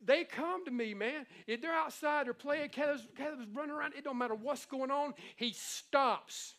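A middle-aged man delivers a sermon with a notably high-pitched voice. His preaching is animated and conversational. He slips easily into playful impressions to make his points. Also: moderate pace. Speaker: pastor.

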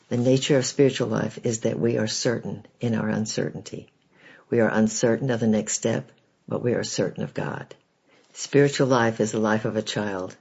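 A man reading devotional stories and scripture in a measured, earnest, preacherly way. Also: on the low side, creaky, a little mellow, husky. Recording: dull lo-fi recording.

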